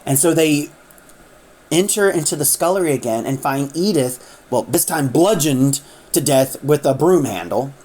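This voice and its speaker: Low-voiced woman retelling a story. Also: lively intonation, normal speed, darkish tone. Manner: chatty, acts out the characters. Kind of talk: casual plot retelling.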